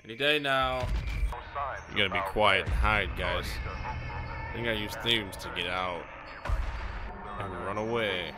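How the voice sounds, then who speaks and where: A man's voice: fairly low pitch, unhurried, long pauses, over loud music. A man giving casual, jokey commentary on a game he is playing, talking to his viewers and now and then putting on silly voices. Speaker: gaming YouTuber.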